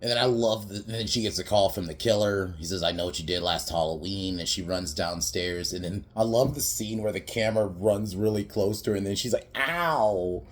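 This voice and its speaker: A man's voice: low-pitched, fairly even intonation, brisk, hardly any pauses. A man casually recapping a comedy film on a podcast, rambling with lots of fillers, swearing freely and laughing often. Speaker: podcast movie reviewer.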